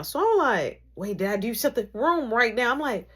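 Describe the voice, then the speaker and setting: Husky woman telling a story animatedly. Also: fairly high pitch, normal speed, hardly any pauses. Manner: lively, acts out every character in the story, swings from hushed to loud.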